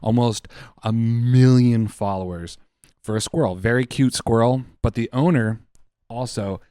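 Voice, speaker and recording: A man's voice: medium pitch, measured pace, dark tone, clean tone, dry recording, studio quality. A young man co-hosting a casual comedy podcast, telling a mock-conspiratorial story with lots of swearing and put-on voices. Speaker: podcast co-host.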